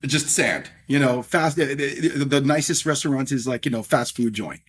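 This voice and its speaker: A middle-aged man speaks as a podcast guest with a husky voice. He tells stories in a rambling, chatty way and often tacks on "if you will". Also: mid-range voice, normal speed, a bit bright. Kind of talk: casual storytelling interview.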